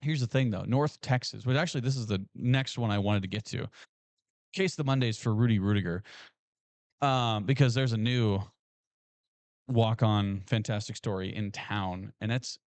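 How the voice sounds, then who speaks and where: A man co-hosting a sports podcast in casual, excitable talk with emphatic restarts. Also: on the low side, moderate pace, no echo.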